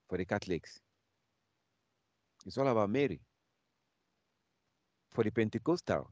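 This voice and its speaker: A man teaching a bible class, emphatic and repetitive, reading scripture aloud slowly and repeating key phrases again and again. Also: on the low side, lively intonation, no echo.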